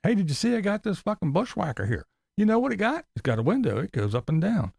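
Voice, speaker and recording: A man putting on a high, chirpy voice to mock a rambling middle-aged man who keeps bragging about his truck. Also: big pitch swings, fast, creaky, darkish tone, husky, no room sound, clean studio sound, heavily acted. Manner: repetitive, chirpy, boastful.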